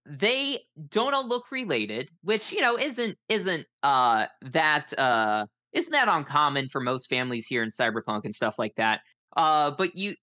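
Woman game master, low pitch, bright tone, chatty narration. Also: no room sound. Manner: chatty, laughing often, many fillers.

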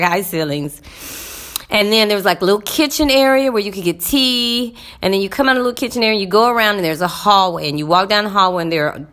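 Chatty woman with a lowish voice. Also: fairly bright tone. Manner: rambling, talks straight to viewers, frequent fillers. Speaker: vlogger. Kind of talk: casual chatty recounting.

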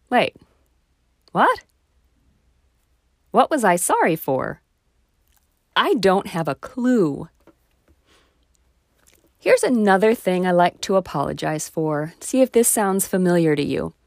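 A woman with a fairly low voice speaks directly to her viewers in a reflective monologue, full of rhetorical questions and jokes at her own expense. The recording is studio quality with no echo.

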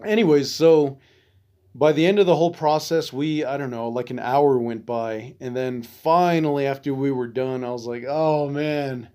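A man's voice: medium pitch, normal speed, few pauses, darkish tone. A man from Arizona hosting a veterans podcast, telling a story casually with loose, profane, frustrated asides.

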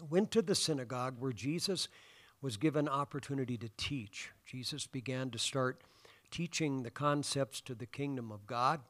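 A man's voice: medium pitch, fairly bright tone. A man preaching a sermon in a church sanctuary, talking conversationally and asking the congregation questions between many fillers. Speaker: pastor.

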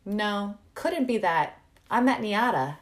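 A woman's voice: mid-range voice, lively intonation, takes it slowly, pitched above the performer's own voice. A woman voicing a poised, teasing young college man. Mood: playful. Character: poised, quick-witted young male college student.

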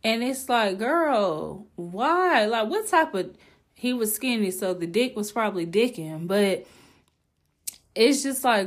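A woman's voice: on the high side, lively intonation, slow. A young woman hosting a podcast, telling a candid, exclaiming storytime with plenty of swearing. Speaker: podcast host. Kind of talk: casual storytime monologue.

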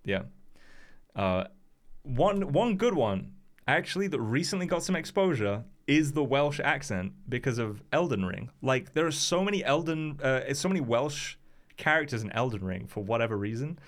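A man's voice: mid-range voice, animated, moderate pace. A young man hosting a casual chat, rambling and hedging with lots of fillers and restarts. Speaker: podcast host.

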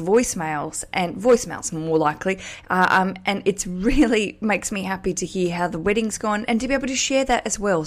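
A woman hosting a podcast, answering callers with playful, teasing, chatty asides. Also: lowish voice. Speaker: podcast host. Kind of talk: casual podcast chat.

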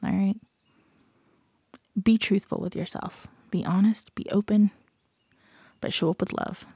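A woman hosting a podcast, giving a slow, reflective motivational talk, often dropping into soft whispers and repeating questions to the listener. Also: mid-range voice, fairly even intonation, breathy edge, no room sound, clean studio sound. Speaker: podcast host.

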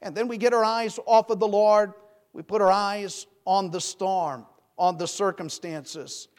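A man's voice: high-pitched, steady tone, measured pace. A man preaching a sermon, fervent and rising to emphatic peaks when he quotes scripture.

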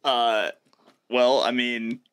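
A man's voice: mid-range voice, little pitch movement, drawn-out words, a bit bright, clean tone, no room sound. A man in his late thirties co-hosting a casual sports podcast, joking crudely and swearing freely. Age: late 30s. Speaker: podcast co-host.

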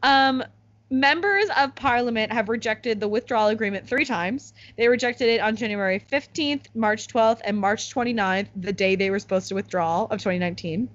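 A young woman chatting casually as a co-host, explaining news with lots of "like" and quick laughs. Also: on the high side. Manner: chatty, many "like"s, laughs at own jokes. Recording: slightly muffled lo-fi audio.

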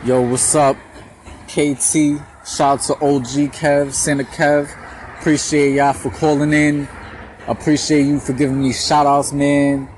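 A male caller giving loud, hyped-up shout-outs. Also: on the high side, flat delivery, a little slow, a little hiss or hum.

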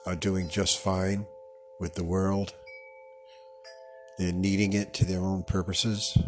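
This is a man with a very deep voice, hosting a live radio meditation show. He talks slowly and wanders from one tangent to the next, often tripping over and rephrasing his own words. Soft music and wind chimes play faintly behind him. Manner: meandering and digressive, fumbles and corrects words. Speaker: radio host. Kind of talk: rambling meditation monologue.

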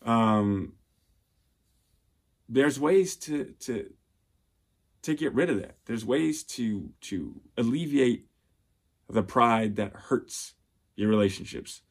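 A man's voice: mid-range voice, lively intonation, takes it slowly, pauses often. Earnest male speaker, heartfelt advice-style monologue. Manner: earnest and heartfelt, many restarts and fillers. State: getting emotional. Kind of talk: personal motivational monologue.

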